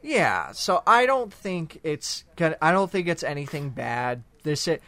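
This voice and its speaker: Laid-back higher-voiced male podcast host. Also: big pitch swings, a little slow, pushed and bright, dry recording. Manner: laid-back, filler-heavy, swears. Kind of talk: casual podcast chat.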